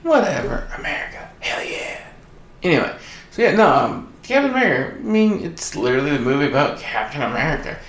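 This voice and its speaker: A man's voice: a little high, very animated, fast, a bit bright, roomy sound. A man co-hosting a podcast in casual chat, retelling movie plots with joking asides. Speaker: podcast co-host.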